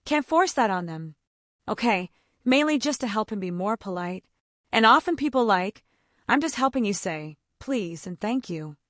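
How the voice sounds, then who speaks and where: A woman's voice: mid-range voice, expressive, moderate pace, fairly bright tone, dry recording, studio quality. A mother of autistic children giving casual advice, chatty and full of "like", acting out the conversations she describes. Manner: chatty, fills speech with "like", acts out quoted dialogue.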